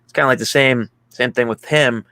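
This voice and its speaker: A young man recaps a film for a casual podcast, his voice sitting at an ordinary middle pitch. He rambles, leans on "like," and slips into little acted-out quotes as he goes. The sound is close and dry, with no room around it. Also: steady tone, brisk, pushed and bright, no room sound. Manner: rambling, heavy use of "like", acts out quotes. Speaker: podcast co-host. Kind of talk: casual movie recap chat.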